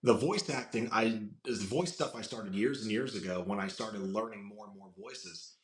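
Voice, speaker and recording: A man with a raspy voice, chatting casually as a podcast guest and telling animated stories with a lot of swearing. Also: on the low side, moderate pace. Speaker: guest, voice impressionist. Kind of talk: casual interview chat. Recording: roomy echo.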